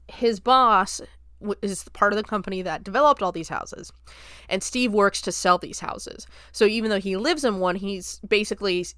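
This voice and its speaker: Woman, podcast host, chatty recap, smooth resonant voice, acts out quotes, laughs a lot. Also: lowish voice, a bit bright, no room sound, studio quality. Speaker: podcast host reviewing a film. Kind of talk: casual film recap.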